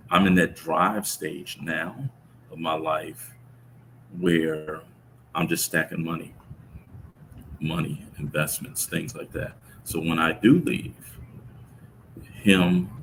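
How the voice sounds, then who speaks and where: A middle-aged man telling a personal story about his son in an interview, speaking in a reflective, halting way with many restarts. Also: sits low, slight background noise, low-quality recording. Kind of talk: conversational storytelling.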